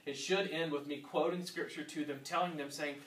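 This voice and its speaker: A man in his thirties, a youth pastor giving an earnest teaching talk to youth workers, swinging from quiet stretches to loud emphasis. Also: on the high side, steady tone, fairly quick. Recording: roomy sound from a distant mic with faint ambience.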